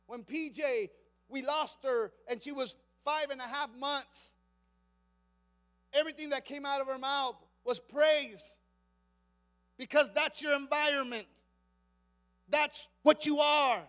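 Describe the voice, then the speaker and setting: A man with a very high voice preaching a sermon. He moves between soft, conversational stretches and loud, shouted bursts, acting out quoted scripture with dramatic emphasis. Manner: acts out quoted psalm lines with dramatic emphasis. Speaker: pastor.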